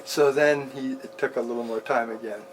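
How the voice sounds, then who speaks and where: A man in his sixties recounting a personal story in an interview, animated and often laughing as he talks. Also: mid-range voice, fairly quick, noisy background.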